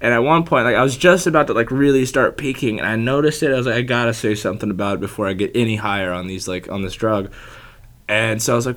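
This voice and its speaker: A man's voice: mid-range voice, fast, a bit bright. A young man telling a long story in casual chat, laid-back, swearing and filling with "like".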